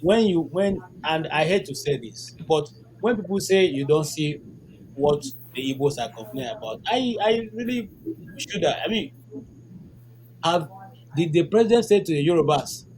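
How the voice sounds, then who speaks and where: Give me a man with a fairly high voice arguing over a noisy line. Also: expressive, moderate pace, a little mellow. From Nigeria. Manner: rhetorical questions, many fillers. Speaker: discussion participant. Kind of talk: argumentative group discussion. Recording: noisy background hiss.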